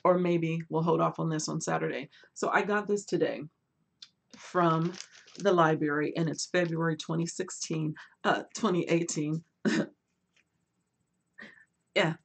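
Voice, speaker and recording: A woman hosting a casual book livestream, chatting animatedly and reading viewer comments aloud, swinging between lively bursts and quiet asides. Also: deep voice, a little slow, creaky, long pauses. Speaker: booktube host.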